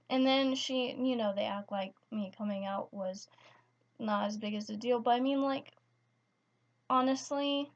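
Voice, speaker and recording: Here a teenage vlogger shares a personal story in a mid-range voice, faltering with frequent restarts and filler words. The audio has a somewhat dull, lo-fi quality.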